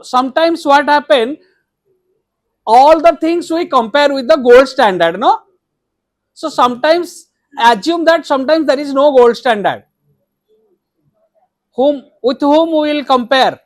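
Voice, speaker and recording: A man's voice: extremely high pitch, dry recording, studio quality. A man with an Indian English accent giving a workshop lecture, slipping between English and Hindi and often restarting his words. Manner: switches between English and Hindi mid-sentence. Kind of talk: academic lecture.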